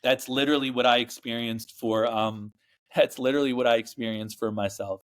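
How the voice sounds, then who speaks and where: A man's voice: mid-range voice, steady tone, a little fast. A man, a podcast guest, telling a personal story in a casual, earnest way, with lots of fillers and restarts.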